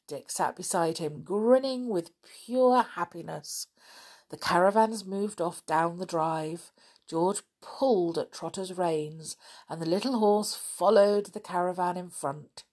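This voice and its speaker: A woman reading a children's book aloud, then chatting in a gently enthusiastic way to her listeners. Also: lowish voice, a little slow. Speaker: storybook reader.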